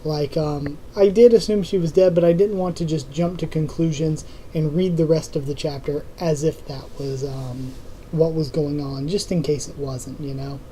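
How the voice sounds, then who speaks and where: A young adult vlog host answering viewer comments in a loose, rambling way, stopping to restart sentences and filling pauses with um. The voice is very dark and mellow and sits at a mid pitch. A faint hiss of room noise lies under it. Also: steady tone, rough recording. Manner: rambling, full of ums and restarts. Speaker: YouTube channel host.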